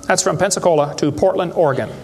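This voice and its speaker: High-voiced man giving a folksy joking lecture. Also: quick pace, gravelly, a little mellow. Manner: folksy, joking, rhetorical questions. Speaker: creationist speaker addressing a live audience. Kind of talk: humorous lecture to a live audience. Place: hall with a live audience.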